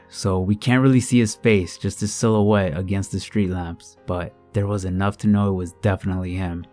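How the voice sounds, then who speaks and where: Deep-voiced man narrating horror stories. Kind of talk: reading submitted true scary stories aloud. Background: soft background music.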